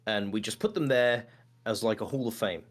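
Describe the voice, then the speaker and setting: A man being interviewed as a guest voice actor, chatting casually and telling animated stories. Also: fairly low pitch, normal speed. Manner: animated storyteller, quotes voices.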